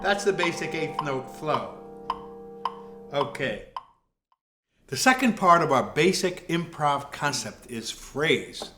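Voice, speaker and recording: Calm man teaching jazz piano. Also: on the high side. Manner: calm, measured explaining with scat syllables and counting. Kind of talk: music lesson explanation.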